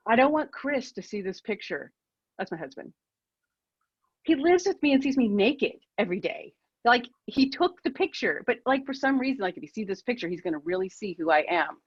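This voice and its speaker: A woman's voice: mid-range voice, sing-song, brisk, slightly rough, no room sound, highs cut off. A woman in her fifties, a keynote speaker, telling a personal story over a video call in a candid, self-deprecating way.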